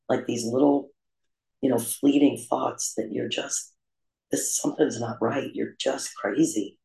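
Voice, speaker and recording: A man with a medium-pitched, gravelly, darkish voice candidly recounts his own recovery story. He's confessional and self-deprecating, pausing often and filling gaps with "um," and the recording has a roomy echo.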